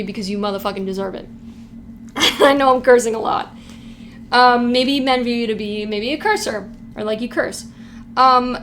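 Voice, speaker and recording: A fairly high-voiced woman doing a laid-back tarot reading for her viewers. She talks in an excited, hype-you-up rush, cursing freely and leaning on "like" constantly. A faint hiss of room noise sits under her voice. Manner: hyped, profane, heavy use of "like". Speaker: tarot reader. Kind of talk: casual pick-a-card tarot reading.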